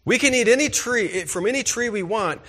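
A man's voice: high-pitched, expressive, moderate pace, sharp tone. A man preaching a sermon as pastor, emphatic and asking the congregation rhetorical questions.

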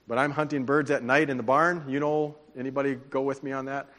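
A man preaching a sermon, telling stories in an animated, conversational way. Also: medium pitch, a little fast. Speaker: pastor. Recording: long hall reverb.

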